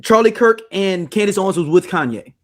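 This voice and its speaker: Brief: man podcast host, loose and joking, a bit high-pitched. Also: a little fast. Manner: loose, joking, animated storytelling. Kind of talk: casual chat.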